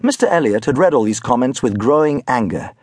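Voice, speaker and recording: Brief: husky male storybook narrator, wry, animated. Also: medium pitch, fairly quick, no echo, clean studio sound. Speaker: audiobook narrator. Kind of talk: scripted narration.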